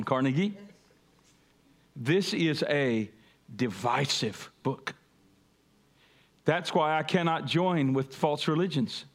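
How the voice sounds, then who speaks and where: A pastor preaching a sermon, calling on the congregation to repeat after him and building to emphatic peaks. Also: male voice, on the high side. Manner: call-and-response preaching, rising to emphatic peaks.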